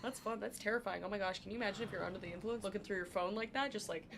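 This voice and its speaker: A woman YouTuber giving casual, joking reaction commentary on short videos, with quick chatty asides. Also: medium pitch. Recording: steady background noise.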